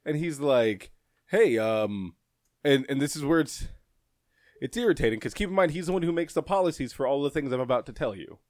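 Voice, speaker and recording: A man tells a story in a casual chat, his pitch swinging widely as he goes. He swears freely and laughs often, and the sound is close and dry with no room echo. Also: fairly quick. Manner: profane, animated, laughs often.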